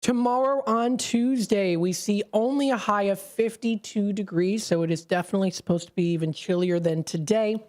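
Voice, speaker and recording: A woman's voice: medium pitch, normal speed, few pauses, a little mellow. A woman hosting a live local radio show, chatting casually with lots of fillers and little laughs. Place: radio studio. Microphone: studio microphone.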